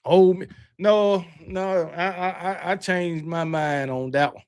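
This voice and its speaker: Male stream host, high-pitched, loose boastful banter. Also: steady tone, a little slow, darkish tone, clean tone. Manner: rambling, self-correcting, talks back to chat. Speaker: livestream host. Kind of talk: casual chat with live viewers.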